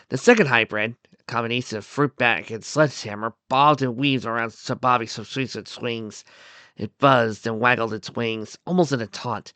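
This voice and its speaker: A man narrates a story at an even pace, with a bright, crisp tone. His voice is recorded dry and close, with no room sound. He slips now and then and goes back over a word. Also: mid-range voice, no echo. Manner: steady narration with small slips and restarts. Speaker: story reader. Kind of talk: reading fan fiction aloud.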